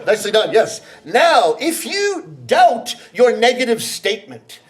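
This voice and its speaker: Brief: higher-voiced male storyteller from Canada, playful stage comic, teases the crowd. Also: sing-song, measured pace. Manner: playful, teasing the audience, acting out quoted voices. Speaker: rakugo storyteller. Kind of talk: live comedy storytelling to an audience. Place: theater stage with live audience.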